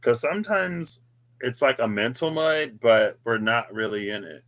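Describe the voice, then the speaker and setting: A man's voice: on the low side, lively intonation, normal speed, a bit bright. A man hosting a tarot reading video, musing aloud in a casual, rambling way with chatty asides. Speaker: tarot reader, channel host. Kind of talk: casual reflective monologue.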